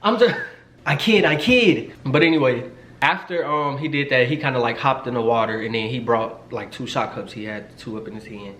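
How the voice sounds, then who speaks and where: A young man in his twenties tells a story to his viewers, animated and playful, with plenty of swearing. His voice sits at an ordinary pitch. The room rings noticeably, and a light hiss runs underneath. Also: fairly quick. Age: 20s. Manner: chatty and animated, swears a lot, jokes and teases. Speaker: vlogger. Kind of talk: casual storytime. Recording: roomy echo, faint noise.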